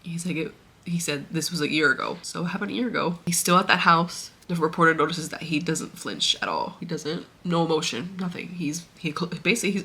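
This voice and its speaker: A woman's voice: on the low side, pushed and bright, slightly rough. A young woman vlogger casually retelling a story she read, rambling and getting emotional. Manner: emotional, tearful, laughing and sighing while retelling; rambling with many fillers. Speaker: book vlogger.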